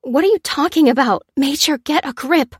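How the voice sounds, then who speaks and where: A woman plays a young female agent in an audiobook, pleading and insistent. Her voice rises higher than the narration. The recording is close and dry. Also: moderate pace, dry recording, close to an everyday voice.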